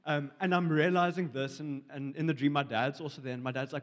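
A man's voice: a little high, brisk, few pauses. Young man, hesitant, reverberant. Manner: rambling, hesitant storytelling with many fillers. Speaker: congregation member sharing a dream. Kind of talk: personal testimony in church. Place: church hall.

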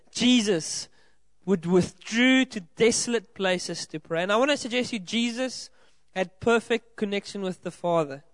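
High-voiced preaching man, dry sound. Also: fairly bright tone, no room sound. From South Africa. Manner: earnest and encouraging, addresses the congregation directly. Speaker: pastor. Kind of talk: sermon. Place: church hall with a congregation.

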